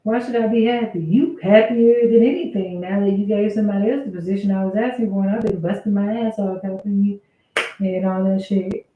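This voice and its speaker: A woman's voice: medium pitch, steady tone, a little fast. A woman telling a casual storytime about her workplace, venting in an aggrieved, conversational way with some swearing. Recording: roomy, phone-like thin sound.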